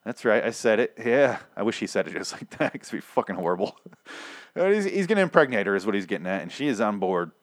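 A man with a lowish, sing-song voice rattles off a casual, rambling recap of a TV episode, talking fast on a dry recording. He's sarcastic and swears heavily, often stammering and repeating words as he restarts sentences.

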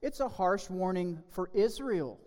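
A man preaching as a pastor, reading scripture and a fable to children, then giving a sermon in an emphatic, measured way. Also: high-pitched, expressive, mellow, in a large hall.

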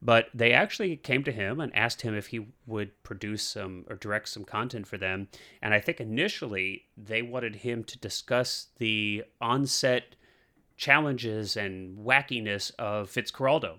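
A man's voice: lowish voice, unhurried, pushed and bright. A man co-hosting a film podcast, chatting casually with plenty of fillers and easy laughter. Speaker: podcast co-host.

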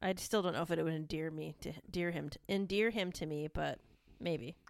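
A woman co-hosting a podcast, chatting casually about wrestling, animated and giggly, sometimes trailing off unsure. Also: low voice, brisk, vocal fry, no echo. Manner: animated, giggly, hesitant at times. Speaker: podcast co-host. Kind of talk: casual wrestling recap chat.

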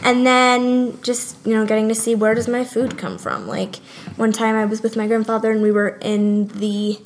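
A woman's voice: on the high side, little pitch movement, moderate pace, a little hiss or hum. A young woman talking casually in a conversation, chatty and laughing easily. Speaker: guest.

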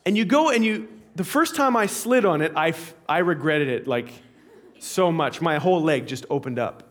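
A man preaching a sermon as an animated, humorous story with frequent asides. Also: a little high, normal speed. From Canada.

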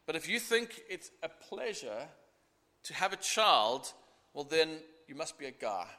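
A middle-aged man preaching a sermon, earnest and expressive, acting out the scripture as he goes. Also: a little high, unhurried. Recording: echoey hall.

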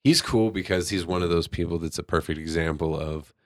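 A man's voice: deep voice, brisk, no room sound. A man co-hosting a podcast, chatting casually and reflecting in loose run-on sentences. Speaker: podcast co-host. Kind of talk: casual chat.

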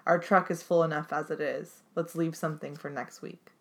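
A woman's voice: sits low, steady tone, normal speed. A woman voicing a sly, contemptuous male creature while reading a story aloud. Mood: scornful. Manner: smug, mocking.

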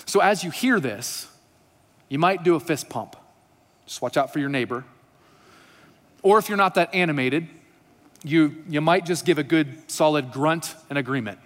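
A man's voice: a little high, animated, moderate pace, pauses often, fairly bright tone, big-room sound. A man preaching a sermon in a casual, conversational way, with light humor, and reading scripture aloud. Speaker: pastor.

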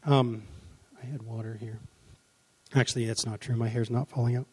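A man's voice: mid-range voice, level tone, normal speed, dark tone, husky. A man preaching a sermon, telling a story in a rambling, self-correcting way and acting out the voices of the people in it. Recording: long reverb of a large hall.

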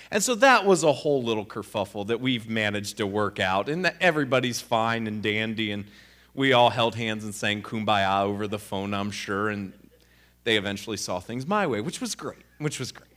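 A man telling a personal story in an animated, sarcastic, exasperated way. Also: fairly low pitch, normal speed. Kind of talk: conversational storytelling.

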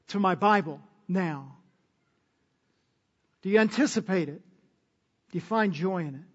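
Male preacher, sermon, high voice, slow deliberate delivery, loud peaks then quiet drops, long hall reverb, dull lo-fi sound. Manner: measured preaching, swinging between loud emphatic peaks and soft low endings.

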